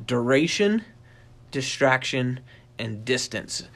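Animated middle-aged man explaining dog training. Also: slow. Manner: animated storyteller, acts out quoted voices in a high pitch; rambling with frequent restarts and fillers. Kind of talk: casual instructional talk.

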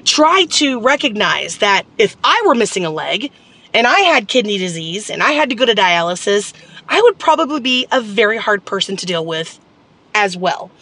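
A woman's voice: medium pitch, very animated, normal speed, bright, forceful tone. A woman telling a personal story in a casual, candid vlog, rambling and venting with lots of fillers. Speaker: vlogger.

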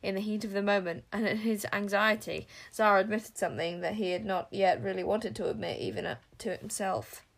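A woman narrating a storybook with an expressive, dramatic delivery. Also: mid-range voice, fairly quick, creaky, few pauses. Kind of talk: storybook reading.

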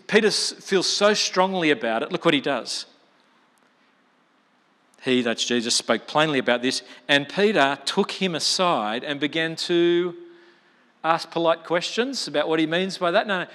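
A man giving a chatty, animated sermon, acting out the people in the story. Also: on the high side. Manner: animated, acts out quotes with slang like mate. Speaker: preacher. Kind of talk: conversational sermon. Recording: long hall reverb.

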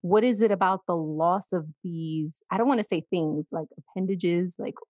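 A woman's voice: fairly low pitch, moderate pace, darkish tone, no room sound. A woman in her forties co-hosting a podcast, telling stories in casual conversation and acting out the voices she quotes. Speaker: podcast co-host.

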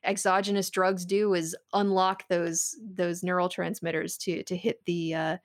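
A woman's voice: fairly low pitch, little pitch movement, a little slow. A woman co-hosting a podcast, talking at length in casual chat and laughing easily.

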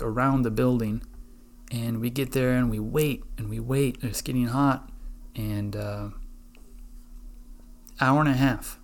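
Gravelly guy on his podcast, just rambling and swearing about his weekend, laughs at himself. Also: mid-range voice. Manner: rambling, profane, laughs at his own stories. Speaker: podcast host. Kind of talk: casual solo podcast chat.

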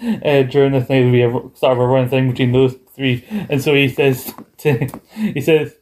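A man's voice: medium pitch, steady tone, normal speed, a little mellow, a little hiss or hum. A man, co-hosting a podcast and animatedly retelling wrestling shows, acting out the quotes. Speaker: podcast co-host. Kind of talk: casual wrestling recap chat.

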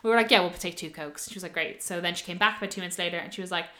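Bright-voiced woman telling a story. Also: fairly low pitch, very fast. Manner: animated, quoting others in lively voices. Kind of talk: casual storytelling chat.

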